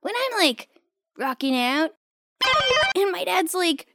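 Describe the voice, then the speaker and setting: A woman's voice: very high voice, sing-song, fairly bright tone, dry recording, clean studio sound, exaggerated voice. A woman voicing a spirited young girl who plays guitar in a children's audio drama, upbeat and playful. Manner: upbeat and playful, drawn-out delivery.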